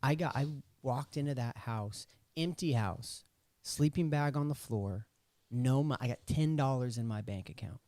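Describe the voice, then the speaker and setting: A young man tells his story as a guest on a podcast, with a mellow, warm voice and a mid-range pitch. He acts out the lines of the people in his story. The recording is dry and close. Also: normal speed, dry recording. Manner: animated storyteller acting out quoted dialogue. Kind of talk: casual storytelling interview.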